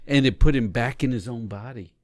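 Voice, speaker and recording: A man co-hosting a podcast, talking casually and coaching through examples in an animated way. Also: medium pitch, a little fast, dry recording, studio quality. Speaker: podcast co-host. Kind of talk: casual conversation on marriage.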